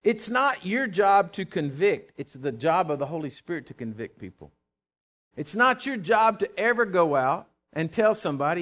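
A male pastor preaching a sermon in an animated, folksy way, building to loud emphasis. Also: high-pitched, normal speed.

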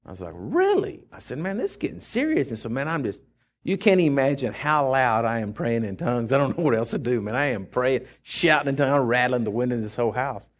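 A man's voice: mid-range voice, quick pace. A man preaching in church, telling a story dramatically and laughing as he goes. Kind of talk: storytelling sermon.

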